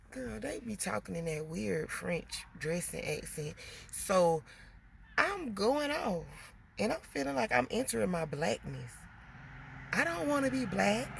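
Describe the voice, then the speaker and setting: A woman venting in a casual monologue to her viewers, animated and emotional, getting loud as she talks. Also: on the high side, vocal fry, a little hiss or hum. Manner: gets loud when emotional.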